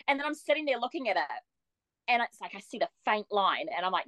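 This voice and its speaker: A young woman tells her story as a podcast guest, bubbly and laughing often. She acts out quoted lines with playful shifts. Her voice sits a little high, and the sound is dry. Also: very animated, brisk, pauses often, a bit bright, no echo, low-quality recording. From New Zealand. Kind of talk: casual storytelling.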